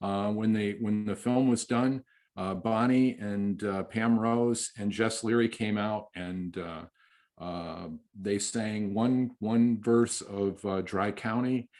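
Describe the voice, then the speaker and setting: A man, a film director, answering interview questions in a halting, heartfelt way with many restarts. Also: fairly low pitch, fairly even intonation, a little mellow.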